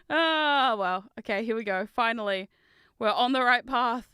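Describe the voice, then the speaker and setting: A woman streaming from her desk in casual chat, giggly and chatty with loud squealing exclamations, on a close microphone. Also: on the high side, moderate pace, long pauses, smooth, no room sound. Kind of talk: casual chat while building.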